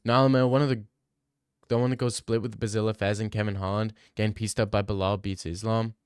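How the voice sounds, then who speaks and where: A man's voice: fairly low pitch, little pitch movement, fairly quick, clear, resonant tone, dry recording, clean studio sound. A man hosting a casual livestream Q&A, arguing bluntly with chat and swearing freely. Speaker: livestream host answering chat.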